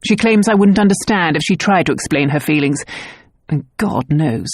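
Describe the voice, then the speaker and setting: A brusque aristocratic father, guarded and blunt, firing short questions, read by a woman narrator. The voice sits a touch lower than her own, recorded dry and close. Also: expressive, moderate pace, no room sound. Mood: troubled.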